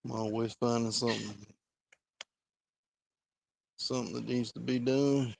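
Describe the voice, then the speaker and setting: Man, kennel owner, easygoing, gravelly, outdoors. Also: medium pitch, steady tone, a little slow, a little mellow, slight background noise. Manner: easygoing, chatting with his dogs. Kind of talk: casual vlog chat.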